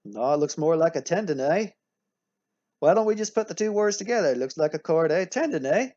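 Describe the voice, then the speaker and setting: A man's voice: a little high, animated, dark tone, lightly acted. A man putting on two chatty Canadian men, with an exaggerated accent that ends lines with "eh". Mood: joking. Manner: quick, raised and jokey. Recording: dry, slightly dull recording.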